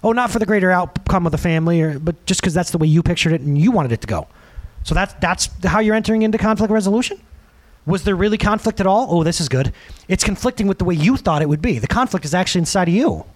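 In a high-pitched voice at a quick pace, a pastor in his thirties gives an animated, conversational sermon. He acts out quotes by switching into other voices.

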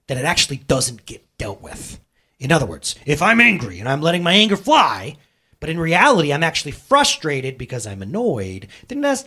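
A husky male pastor in his thirties delivers a sermon with a lively, swooping delivery. His voice sits a little high for a man. He talks to the congregation like a friend, punching points and checking in with questions. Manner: conversational, emphatic, rhetorical questions to the audience.

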